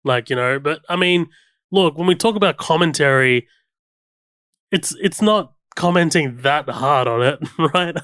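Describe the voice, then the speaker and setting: A man's voice: fairly high pitch, a bit bright, clean tone, no echo, studio quality. A man co-hosting a film podcast, rambling casually with many "like"s and restarts. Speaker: podcast co-host. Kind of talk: casual chat.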